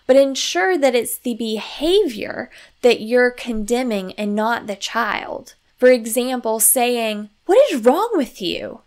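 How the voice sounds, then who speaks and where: A woman hosting a podcast, calmly explaining parenting strategies in an instructive, coaching manner. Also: on the high side, creaky. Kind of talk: instructive solo podcast talk.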